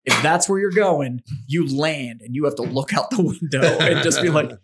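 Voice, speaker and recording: A man with a fairly high voice trades teasing jabs in a relaxed podcast chat. His put-downs come quick and dry. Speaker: podcast co-host. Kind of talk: boozy casual chat.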